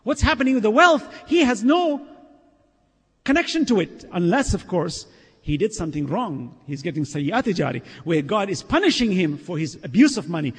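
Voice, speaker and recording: A man preaching a sermon in an earnest, emphatic way, swinging between soft and loud and reciting scripture in Arabic. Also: high voice, big pitch swings, normal speed, breathy edge. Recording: long reverb of a hall.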